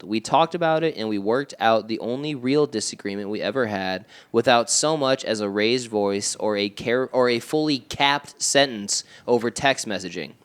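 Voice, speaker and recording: A man with a voice of ordinary pitch, co-hosting a comedy podcast. He reads text messages aloud in a flat reading voice, then breaks off with mocking asides and laughter. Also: clear, resonant tone.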